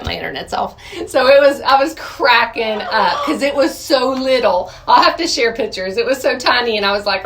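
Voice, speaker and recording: A middle-aged woman with a Southern US accent and a medium-pitched voice hosts a casual vlog livestream outdoors at a home with hens. She laughs often and coos at her pets, with a noisy background.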